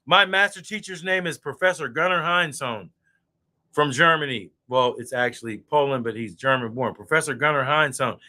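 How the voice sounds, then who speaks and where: A man's voice: mid-range voice, moderate pace, sharp tone. A man ranting in a heated online chat, boastful and profane, drinking beer as he talks. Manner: drinking beer while talking. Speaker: guest speaker. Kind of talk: heated casual debate chat.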